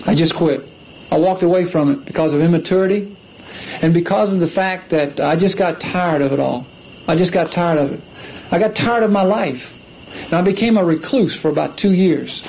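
A man's voice: high voice, vocal fry, a little mellow, a little hiss or hum. Earnest man giving a testimony. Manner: earnest, repeats phrases for emphasis. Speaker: former athlete giving a religious testimony. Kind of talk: personal testimony speech. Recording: dull lo-fi archive recording.

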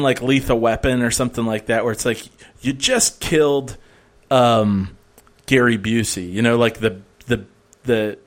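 A man talking in a rambling, sarcastic way as a podcast co-host, laughing now and then. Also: mid-range voice. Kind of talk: casual chat.

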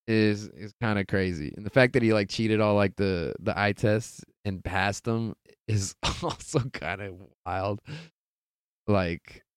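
A young man hosts a casual sports podcast, talking in a loose, rambling way. His voice sits low and sounds smooth and clear, close to the mic in a dry space with no room echo. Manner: laid-back, rambling, heavy swearing and laughter. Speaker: podcast host.

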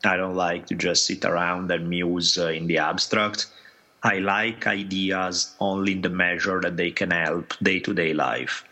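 A man with an Italian accent, speaking relaxed and conversational as a podcast guest. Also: sits low, measured pace. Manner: relaxed and conversational, says "I dig" often. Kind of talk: casual interview talk.

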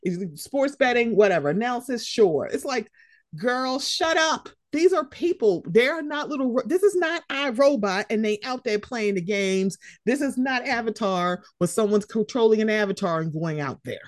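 Woman podcast host ranting bluntly about sports, kinda high voice, dry close mic. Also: normal speed, few pauses, no echo. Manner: blunt, profane and animated, often mimicking others. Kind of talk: casual sports commentary chat.

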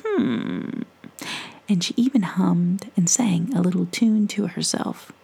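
A woman reading a children's story aloud in a soft, half-whispered, playful voice. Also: lowish voice, slow. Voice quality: breathy, soft, playful with made-up words.

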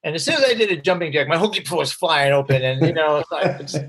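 A man with a slightly high, slightly rough voice talks fast as a guest, telling a lively personal story full of fillers and acting out the voices of people he quotes.

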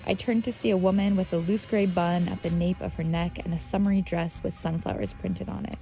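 A woman's voice: fairly low pitch, steady tone, brisk, vocal fry, mellow, faint music behind. A woman telling her own story as scripted narration, tense and vivid. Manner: tense, vivid storytelling with heated quoted outbursts.

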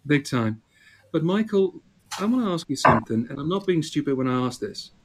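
A man's voice: a little high, sing-song, a little fast, heavy background noise. A man from South Africa co-hosting a podcast, enthusiastic and emphatic, with a radio presenter's delivery. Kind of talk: casual chat.

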